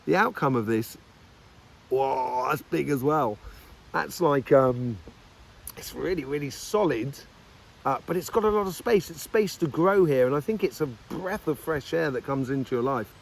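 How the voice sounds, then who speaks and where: Guy doing a chatty tarot reading, pretty gravelly voice, keeps cheering you on, lots of ums. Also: mid-range voice, lively intonation, normal speed. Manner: upbeat and encouraging, rambling with many fillers. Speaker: tarot reader. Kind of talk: casual weekly tarot reading.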